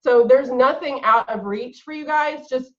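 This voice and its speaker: A woman's voice: high voice, normal speed, muffled recording. A woman giving an earnest, emphatic motivational talk to her sales team on a call. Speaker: guest speaker on a team call.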